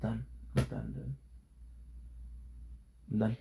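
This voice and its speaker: A man with a gravelly, low-fry voice vents casually to his camera. His talk is frustrated and full of swearing, and he circles back over the same words again and again. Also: little pitch movement, slow, noisy background. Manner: frustrated, swearing, repeats himself. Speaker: vlogger. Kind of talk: casual venting vlog.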